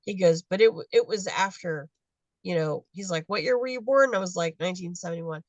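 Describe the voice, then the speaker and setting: A woman's voice: on the low side, a little fast, no room sound, highs cut off. A woman in her fifties telling her story casually on a video call, acting out the dialogue of people she met. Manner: animated, acts out dialogue in quotes. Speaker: guest adoptee.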